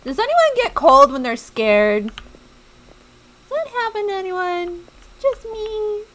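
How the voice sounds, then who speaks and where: A woman's voice: extremely high pitch, big pitch swings, slow, a bit bright, poor audio. A young woman streaming a game, chatting to her viewers and reacting jumpily as she plays. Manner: chatty, jumpy, talks to viewers while playing. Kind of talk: let's play commentary.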